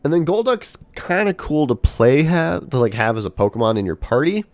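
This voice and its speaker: A man giving casual livestream commentary, chatty and thinking out loud, laughing often. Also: on the high side, expressive, moderate pace, dry recording. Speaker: livestreamer ranking a tier list.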